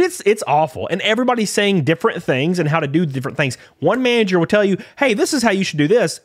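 High, lively-voiced man ranting, dry close mic. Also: no echo. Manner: exasperated, blunt, swears casually. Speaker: streamer commentator. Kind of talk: reading posts aloud and ranting.

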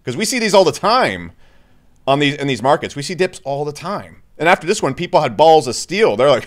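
A man with a voice sitting slightly high for a man delivers opinionated commentary straight to the viewer. He is blunt and exasperated, and often slips into mocking little voices of the people he criticizes. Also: sing-song. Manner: blunt, exasperated, mocks others in quick put-on voices. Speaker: crypto YouTuber. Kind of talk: opinionated market commentary to camera.

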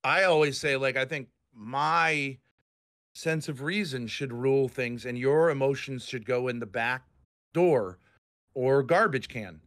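A man's voice: mid-range voice, a little slow, a bit bright. A man in his fifties from Rhode Island, ranting angrily and profanely on a voice call. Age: 50s. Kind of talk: heated online group chat.

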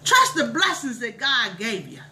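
Brief: woman as a preachy church lady, lively sing-song pitch, exclamatory and drawn out. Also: slight background noise, heavily acted, low-quality recording. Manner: exclamatory, sermonizing, drawn-out drawl. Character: preachy, bossy middle-aged church lady. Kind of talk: comic monologue storytelling.

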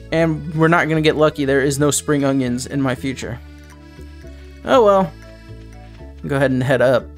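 Young male let's-play host, rambling and casual, higher voice. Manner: rambling, chatty, self-correcting. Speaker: gaming host.

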